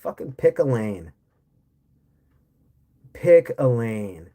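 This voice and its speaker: A man's voice: medium pitch, big pitch swings, extremely slow, warm tone. An American man hosting a livestream, ranting bluntly with plenty of profanity and sarcasm while reading and answering chat. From United States. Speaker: livestream host. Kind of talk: casual livestream rant.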